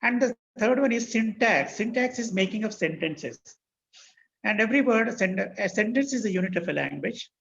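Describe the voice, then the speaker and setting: Indian English man, online teacher: high gravelly voice, spells out terms, dull lo-fi call line with faint hiss. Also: expressive, normal speed, a bit bright. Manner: spells words out letter by letter, repeats key phrases. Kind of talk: online class lecture.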